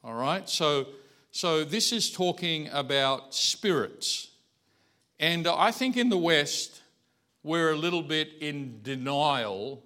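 A man preaching a morning sermon in a conversational way, often restarting his sentences. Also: a little high. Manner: conversational preaching with many restarts, softening to a quiet storytelling voice. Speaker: pastor.

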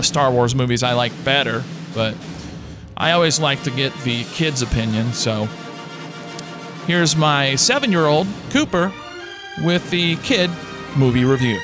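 A man in his thirties hosting a radio show, ranting comically and jumping up in pitch when he gets angry. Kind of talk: comedic rant monologue.

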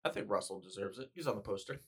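A man's voice: lowish voice, animated, fast talker, breathy edge. Guy, podcast co-host, giggly, acts out movie quotes. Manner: laughs often, acts out quoted lines in funny voices. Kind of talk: casual movie chat.

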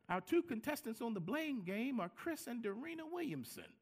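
A man preaching a sermon as a pastor, in an animated style that acts out quoted lines and repeats words for emphasis. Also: very high voice, normal speed.

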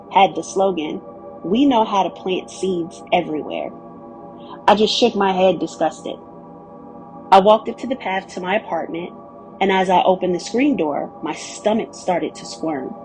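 A woman's voice: mid-range voice, normal speed, darkish tone, soft background music. A woman giving scripted first-person narration of a story, telling it in a candid, wry way.

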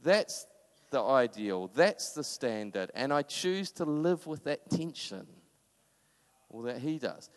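A man's voice: mid-range voice, very animated, slow pace, big-room sound. A man preaching a sermon in a conversational, impassioned way, with sudden emphatic bursts.

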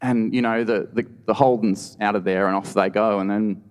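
A man's voice: fairly low pitch, steady tone, normal speed, few pauses, clean tone. Wry Australian man telling a story live. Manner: wry, conversational, lots of "you know". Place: stage at a live storytelling event. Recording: reverberant live hall.

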